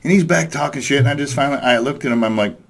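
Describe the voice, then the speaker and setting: A man's voice: medium pitch, very fast, gravelly. A man telling a story in a profane, exasperated rant, chuckling as he goes. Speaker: vlogger ranting about a coworker.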